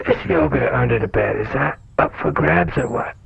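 A man's voice: mid-range voice, moderate pace, creaky, breathy edge, dry recording, heavily acted. A man voicing a casual, greedy male troll, heard over a phone speaker. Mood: offhand. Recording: muffled phone-speaker sound with faint noise.

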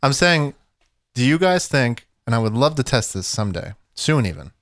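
A man's voice: medium pitch, sing-song, moderate pace, fairly bright tone, no echo, clean studio sound. A young man co-hosting a podcast, rambling through jokey questions in casual chat. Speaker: podcast co-host.

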